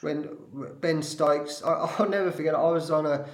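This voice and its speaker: A middle-aged man with an Australian accent, a former cricket coach telling a story with animated restarts and repeated words. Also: fairly high pitch, normal speed, roomy sound. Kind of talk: storytelling in a panel talk.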